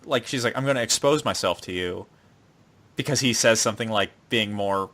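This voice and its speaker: A man's voice: on the low side, brisk, fairly bright tone. Man rambling through a plot recap. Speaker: podcast co-host. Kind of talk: casual chat.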